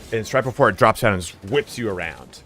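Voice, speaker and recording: A man live-streaming a game, chatting casually and telling stories in a loud, animated voice. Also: fairly low pitch, quick pace, faint music behind.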